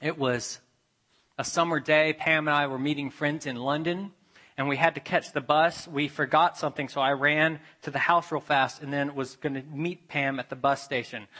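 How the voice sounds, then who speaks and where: A man preaching a sermon as a pastor, telling a personal story with animated shifts between loud emphasis and hushed asides. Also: a little high.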